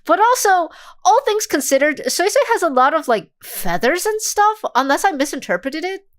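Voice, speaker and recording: A woman's voice: very high voice, sing-song, normal speed. A young woman streamer reacting to a game video in casual, sarcastic chat, swearing freely.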